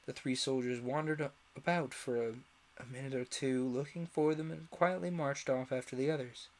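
A man reading a classic children's story aloud in an expressive way, with the odd slip. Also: medium pitch, normal speed. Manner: expressive, animated read-aloud with small slips. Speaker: storyteller, streamer.

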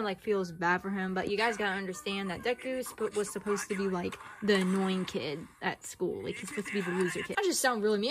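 A teenage girl chatting casually in her bedroom as she reacts to an anime, giggly and tripping over her words. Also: a little high. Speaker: reaction video host. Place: bedroom at home.

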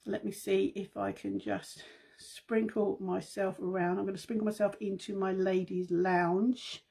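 A woman's voice: medium pitch, level tone, measured pace, gravelly, mellow, husky. A middle-aged woman chatting casually to her viewers on a live stream from home, rambling through asides and calling them guys. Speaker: makeup seller and host. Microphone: phone.

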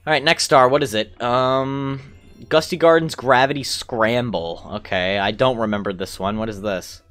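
This young man narrates his own playthrough as a casual let's-play, speaking at normal speed in a mid-range voice. Excitable, he talks to the characters, hums along and curses lightly while game music plays.

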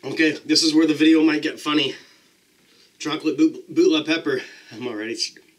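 A man's voice: on the high side, brisk. A man casually talking to the camera as a pepper-eating vlogger, chatty and self-deprecating, describing the burn as it builds.

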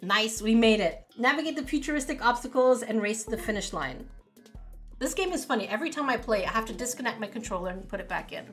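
Woman, live game streamer, giggly and excitable, exclaiming a lot, bright tone. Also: fairly high pitch, fast talker, soft background music. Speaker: streamer playing with viewers. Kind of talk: casual live gaming commentary.

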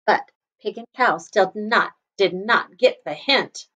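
A woman kindergarten teacher reading a picture book aloud to children, gently stopping to explain words. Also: medium pitch, expressive, slow, dull audio.

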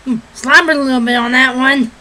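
A woman's voice: high voice, steady tone, a little fast, sharp tone, slight background noise, low-quality recording. A woman chatting casually between impressions, giggly and self-deprecating. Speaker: vlogger doing impressions. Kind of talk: casual chat.

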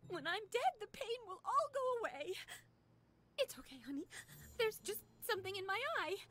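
A woman's voice: very high voice, big pitch swings, moderate pace, bright, forceful tone, exaggerated voice. A woman voicing a weary cartoon mother in a game, speaking with shaky, tearful forced cheer. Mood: tearful, fake-cheery. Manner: forced cheer over crying. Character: weary sobbing suburban mother.

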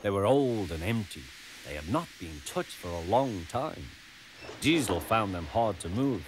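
A man narrating a children's cartoon story in a gentle, expressive way. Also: fairly low pitch, unhurried, noisy background. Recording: narration over music bed.

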